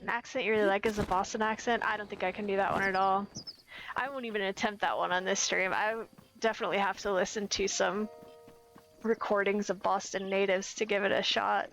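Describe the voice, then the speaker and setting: A woman's voice: mid-range voice, fairly even intonation, brisk, fairly bright tone, rough recording. A woman in her twenties from the United States, chatting casually and playfully while streaming a game. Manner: rambling, playful, self-commenting. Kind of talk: casual gameplay chat.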